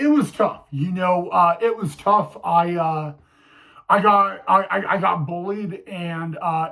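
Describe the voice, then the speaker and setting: A young man telling a personal story to camera, halting, with many fillers and restarts. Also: sits high, vocal fry, a bit bright, rough recording. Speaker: vlogger.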